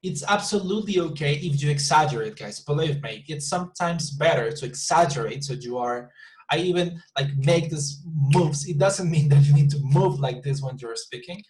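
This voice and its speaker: A man teaching an online English class, his voice a little high and ringing in an echoey room. He often repeats words while he searches for the next one. He models example sentences with big, exaggerated stress. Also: expressive, normal speed, darkish tone. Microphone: video call.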